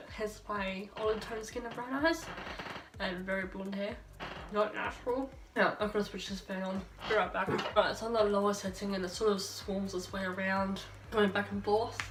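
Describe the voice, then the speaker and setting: Sitting under a ring light in her bedroom, a young Australian beauty vlogger chats and rambles to herself with a loose, slightly tipsy cheerfulness. Her mid-range voice is a bit bright, and the distant phone camera adds a roomy echo.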